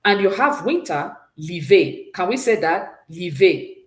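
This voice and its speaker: A woman's voice: mid-range voice, animated, a little slow, roomy sound. A woman teaching a French exam-prep class, patiently drilling pronunciation and praising answers often. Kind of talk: exam-prep language lesson.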